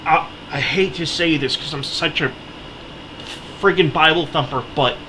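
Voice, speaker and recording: Heated, high-voiced American man ranting. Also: normal speed, background noise. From United States. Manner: voice cracking when worked up. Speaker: political commentator. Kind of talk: impassioned monologue.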